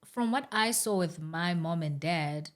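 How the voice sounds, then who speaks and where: A young woman, guesting on a podcast. Her voice sits a little low for a woman. She tells stories in a lively, casual way and laughs easily. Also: measured pace. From South Africa. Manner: animated storyteller who laughs easily. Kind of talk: casual chat.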